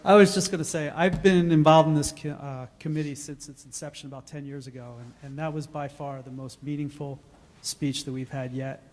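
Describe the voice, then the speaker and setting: A man on the event committee moderating an awards dinner, halting and joking. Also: on the high side, fairly even intonation, a little mellow, slight background noise. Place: large banquet hall. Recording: reverberant hall with crowd murmur.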